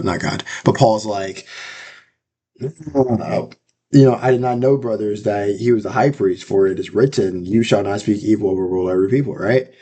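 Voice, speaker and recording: A man's voice: fairly low pitch, dark tone. Casual young man retelling scripture. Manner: loose slangy retelling, many fillers and tag questions, voices the figures. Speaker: bible reading vlogger.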